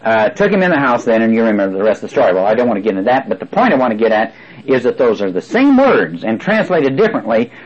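A man's voice: mid-range voice, sing-song, fast, breathy edge, lo-fi sound. A man preaching a sermon, explaining and repeating words for emphasis, with frequent fillers.

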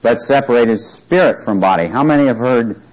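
A man's voice: mid-range voice, lively intonation, normal speed, a little mellow, low-quality recording. A man teaching a Bible class, reading scripture aloud and quizzing his listeners with questions.

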